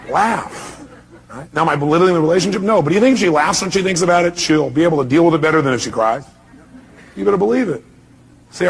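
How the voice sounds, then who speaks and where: A man's voice: on the high side, creaky, a little hiss or hum. A middle-aged man giving an emphatic seminar talk and firing rhetorical questions at his audience. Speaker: motivational speaker.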